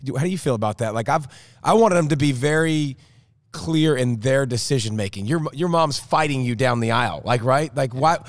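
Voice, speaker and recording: Male co-host, casual rambling chat, lots of restarts, mid pitch, dry close recording. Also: brisk, dry recording. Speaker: podcast co-host.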